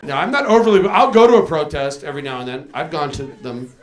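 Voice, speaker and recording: A man's voice: fairly high pitch, very animated, fast talker. A man doing dry stand-up on a club stage, dropping to mumbled asides. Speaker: stand-up comedian. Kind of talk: stand-up set.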